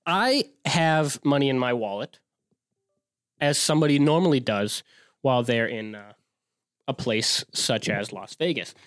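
A young man from Wisconsin, a show host, telling a story in an excitable, rambling, profane way with frequent restarts. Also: medium pitch, measured pace, long pauses. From Wisconsin, US Midwest. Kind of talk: casual storytelling monologue.

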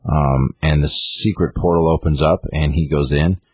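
A man's voice: rumbling low, fairly even intonation, normal speed. A man casually retelling a comic book story on a podcast, rambling with lots of fillers. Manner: rambling, lots of fillers, reads out character lines.

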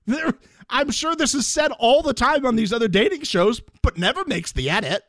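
A man co-hosts a recap podcast in a playful, chatty way. His voice is high and swings through a wide range. The sound is dry and close. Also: brisk, no room sound. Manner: playful, animated storytelling. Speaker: podcast co-host. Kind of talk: casual chat.

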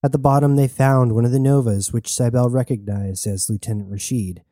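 A man narrates an action story in steady, even tones. His voice is very dark and mellow, with a middle pitch. The recording is dry and close. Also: a little fast, no room sound. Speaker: audiobook narrator. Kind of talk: scripted narration.

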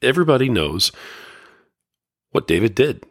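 A man's voice: mid-range voice, sing-song, normal speed, a bit bright, dry recording, clean studio sound. A man hosting a podcast, retelling an old story in a loose, conversational way with lots of fillers. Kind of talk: casual talk retelling a Bible story.

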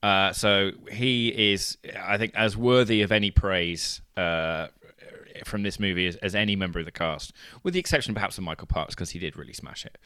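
A man co-hosting a podcast in a casual, animated film discussion. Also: low-pitched, clear, resonant tone, no room sound, studio quality. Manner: animated, chatty, quick to laugh along. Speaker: podcast co-host.

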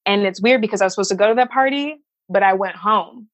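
Speaking quickly in a mid-range voice, a woman being interviewed shares a personal story from her life in the Chicago suburbs. She's open and emotional, curses without holding back, and mimics the people she quotes. The recording has no room sound.

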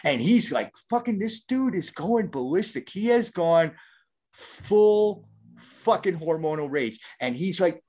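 A man's voice: high voice, expressive, a little slow, a little mellow. A middle-aged man telling a story in a casual interview, rambling and profane with many restarts.

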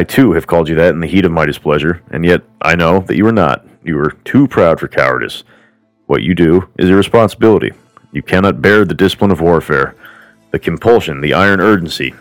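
A man's voice: sits low, no room sound, lightly acted. A man doing Hector, a proud crude warrior prince. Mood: scolding. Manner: grandly formal speech broken by crude swearing.

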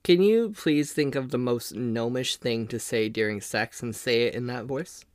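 A man's voice: medium pitch, moderate pace, no echo. A man co-hosting a comedy podcast, dropping hesitant quips and laughing often. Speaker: podcast co-host. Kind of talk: casual comedy chat.

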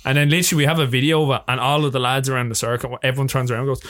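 An Irish man, a filmmaker guest on a podcast, chatting casually and telling animated stories with plenty of swearing. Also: mid-range voice, racing, few pauses, noisy background. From Ireland. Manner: swears freely, animated storytelling. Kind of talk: casual chat.

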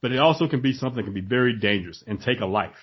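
A man talking in an animated casual chat, acting out voices in his stories. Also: mid-range voice, racing, breathy edge. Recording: dull lo-fi recording.

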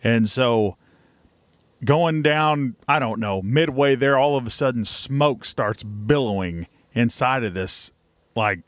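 A man's voice: medium pitch, takes it slowly, no room sound. Folksy man spinning a road story. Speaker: podcast co-host. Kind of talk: casual storytelling chat.

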